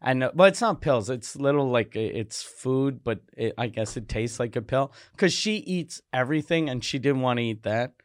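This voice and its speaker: A man's voice: medium pitch, lively intonation, moderate pace, hardly any pauses, no room sound, studio quality. A man co-hosting a comedy podcast, chatting casually with many fillers and frequent swearing. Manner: laid-back, swears freely, many fillers. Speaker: podcast co-host.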